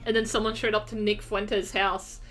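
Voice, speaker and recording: A woman's voice: medium pitch, little pitch movement, normal speed, fairly bright tone, faint music behind. A woman guest on a game stream, chatting casually with dry sarcasm and frequent swearing. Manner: sarcastic, swearing, laughing often.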